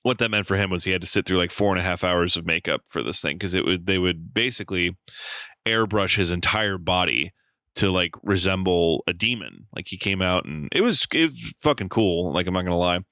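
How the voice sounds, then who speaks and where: A man co-hosting a podcast, telling an animated story in casual chat, swearing freely and using lots of fillers. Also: low voice, brisk, no room sound. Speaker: podcast co-host.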